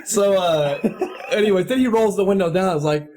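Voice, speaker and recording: A man in his thirties hosting a casual podcast chat, telling a profane story in an animated way and laughing often. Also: high-pitched, fairly quick. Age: 30s. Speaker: podcast host.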